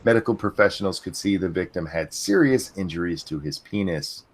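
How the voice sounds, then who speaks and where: A man's voice: low-pitched, fairly quick. A man hosting a casual livestream, reading news items aloud and reacting bluntly with swearing. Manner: blunt, swears freely, animated. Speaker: podcast host.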